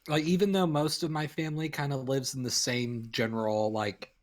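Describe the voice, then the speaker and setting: A man's voice: mid-range voice, fairly even intonation, moderate pace. A man from the American Midwest with a mid-range voice, chatting on a podcast. He talks in loose run-ons full of "like". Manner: chatty, lots of "like". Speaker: podcast guest. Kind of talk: casual chat.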